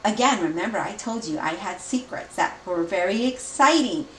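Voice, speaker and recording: A woman giving a tarot reading, energetic and repetitive, speeding up when excited. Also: medium pitch, normal speed, slight background noise. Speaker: tarot reader. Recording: echoey room, mic at a distance.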